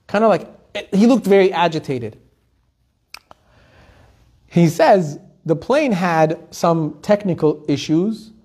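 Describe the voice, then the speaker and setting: Male Torah teacher, fairly high voice, lively storyteller who acts out the people in his tales. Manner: animated storytelling, acting out the people in his stories.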